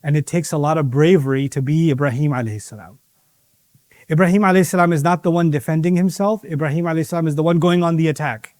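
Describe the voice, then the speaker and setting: A middle-aged male preacher speaks to a young audience in an animated sermon. His voice sits high, and he keeps firing rhetorical questions. He slips into quick impressions of the people he describes.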